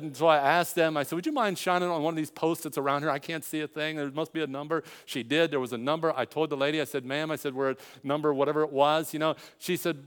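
A man's voice: on the high side, a bit bright, smooth, long reverb tail. An older man preaching a sermon, telling a personal story with quoted dialogue and building to emphatic climaxes.

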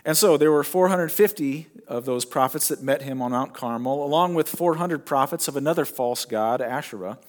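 A middle-aged male pastor preaching a sermon, retelling a story in a conversational way with dramatic pauses. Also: a little high.

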